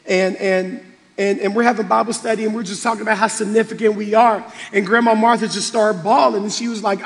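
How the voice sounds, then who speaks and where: A man preaching a passionate sermon as pastor in a church sanctuary, often rising to shouts. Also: sits high, steady tone, fairly quick, vocal fry. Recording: reverberant church hall with faint music.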